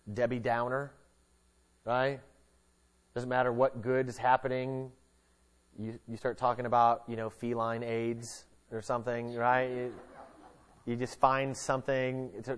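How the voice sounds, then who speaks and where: A middle-aged pastor with a mid-range voice delivers a conversational sermon sprinkled with casual jokes. He shifts between lively emphasis and hushed earnestness.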